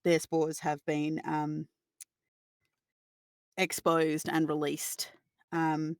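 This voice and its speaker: A woman running a tabletop game, describing scenes at length with many pauses and filler sounds. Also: low-pitched, completely flat delivery, dry recording, studio quality. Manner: detailed, meandering descriptions full of filler sounds. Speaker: game master.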